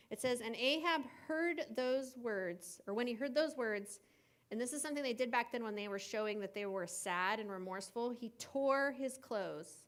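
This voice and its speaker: A woman's voice: on the high side, normal speed. Chatty woman retelling a Bible story to kids. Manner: chatty and animated, with asides and filler words. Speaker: kids camp Bible teacher.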